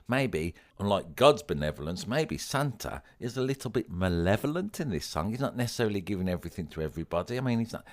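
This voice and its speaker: Animated low-voiced male podcast co-host. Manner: wry, animated, quick interjections, reads lyrics and comments aloud. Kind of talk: casual chat about music history.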